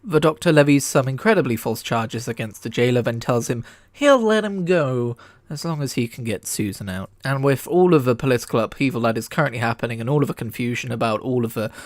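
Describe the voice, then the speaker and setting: A man's voice: medium pitch, lively intonation, a little fast, no echo. Jokey, self-deprecating male reviewer. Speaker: video reviewer. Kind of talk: casual commentary.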